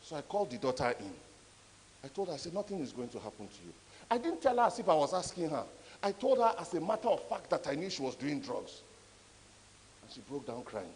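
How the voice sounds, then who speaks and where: A man giving a conference talk, an animated, emphatic storyteller. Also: fairly high pitch, brisk, slight background noise. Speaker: conference speaker. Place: conference hall. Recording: echoey hall.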